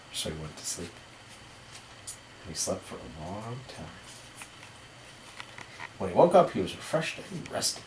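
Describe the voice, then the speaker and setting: A woman reading a picture book aloud to a child, animated, with asides in between. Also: rumbling low. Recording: echoey room, far from mic, background noise.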